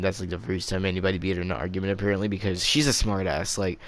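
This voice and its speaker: A man's voice: low voice, steady tone, racing, few pauses. A teenage boy telling a storytime vlog in a rambling, profane way, often restarting his sentences. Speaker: vlogger.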